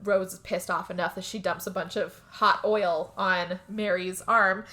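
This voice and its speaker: Bright-voiced woman rambling through a plot. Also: lowish voice, fairly even intonation, unhurried. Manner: rambling, heavy use of filler words. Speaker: podcast co-host. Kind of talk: casual chat retelling a film plot.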